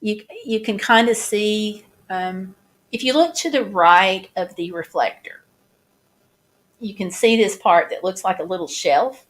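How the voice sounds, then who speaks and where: Chatty woman walking through flood photos. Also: mid-range voice. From United States. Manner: chatty, halting, many restarts and fillers. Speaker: vlogger showing flood damage. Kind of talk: casual chat over photos.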